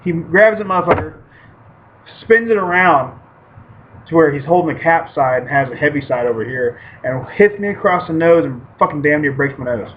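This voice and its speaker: A man co-hosting a podcast and telling stories in a loose, profane, animated way. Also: a little high, moderate pace. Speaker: podcast co-host. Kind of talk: casual podcast chat. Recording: muffled lo-fi with faint hiss.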